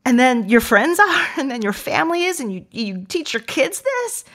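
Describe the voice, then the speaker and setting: A middle-aged woman hosts her own podcast, chatting loosely with frequent laughs. She moves into slow, gentle affirmations addressed straight to the listener. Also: high-pitched. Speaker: podcast host. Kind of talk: casual affirmation talk.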